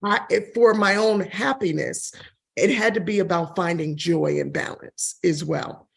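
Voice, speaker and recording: A woman in her forties, a real estate broker and TV host, telling her career story in an interview, expressive and quick to laugh. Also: vocal fry, husky. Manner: expressive, laughs often, shifts pitch when quoting others. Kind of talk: interview answer, personal story.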